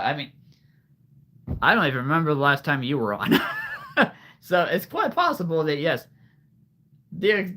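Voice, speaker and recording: A man's voice: medium pitch, bright, forceful tone. A man from Nebraska, a livestream host chatting casually with viewers, laughing often. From Nebraska, USA. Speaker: livestream host showing a creature collection.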